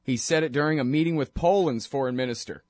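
A man's voice: mid-range voice, fast talker, a little mellow, dry recording, clean studio sound. A man hosting a talk show, delivering a sarcastic, opinionated political monologue that builds to indignant outbursts.

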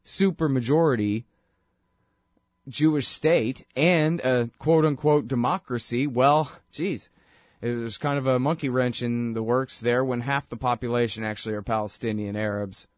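A man's voice: mid-range voice, fairly even intonation, unhurried, no room sound, clean studio sound. A man hosting a political talk show, talking casually and rambling, and he mocks voices when he quotes people. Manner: rambling and conversational, mocking voices when quoting.

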